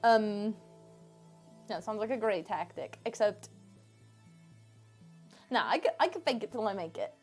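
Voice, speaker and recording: A woman's voice: mid-range voice, lively intonation, a little slow, pauses often, darkish tone, soft background music. A woman streaming from home, chatting casually with her viewers into a desk microphone in a playful, teasing way and laughing often. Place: home room.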